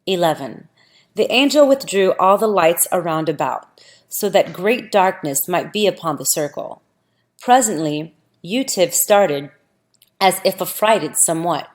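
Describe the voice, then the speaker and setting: A woman narrating a scripture audiobook in a deliberate, measured reading. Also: fairly low pitch, lively intonation. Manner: slow, deliberate, archaic phrasing.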